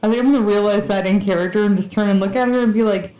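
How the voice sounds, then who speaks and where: A woman playing a tabletop game, blunt and quick to laugh. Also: mid-range voice, fairly even intonation, dark tone. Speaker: player. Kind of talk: casual tabletop play. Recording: echoey room, faint music.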